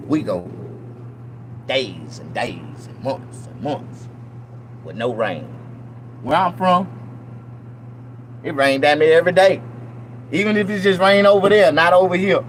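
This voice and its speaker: A man's voice: fairly high pitch, slow, pauses often, slight background noise, rough recording. A middle-aged man from Mississippi with a Southern accent, rambling loosely and profanely to his viewers. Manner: loose, profane, animated, mock-preaching asides. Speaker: vlogger. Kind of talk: rambling casual monologue to viewers.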